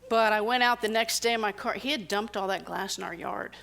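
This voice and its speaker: A woman's voice: mid-range voice, brisk, creaky. A middle-aged woman giving a conversational sermon, telling personal stories and acting out the people in them. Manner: animated storytelling, acting out quoted people. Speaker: speaker.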